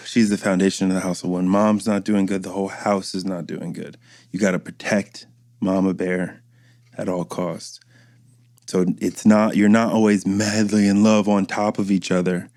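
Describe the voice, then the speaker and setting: Laid-back man with a dry, dark voice. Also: low voice, level tone, moderate pace, no echo. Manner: loose, profane storytelling with acted-out quotes. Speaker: podcast host. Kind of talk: casual monologue.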